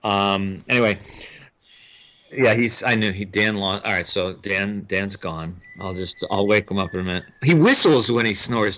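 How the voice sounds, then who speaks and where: Bright, rambling male podcast co-host. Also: lowish voice, normal speed. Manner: rambling, restarts, laughs easily. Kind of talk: casual film chat. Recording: slightly dull lo-fi audio.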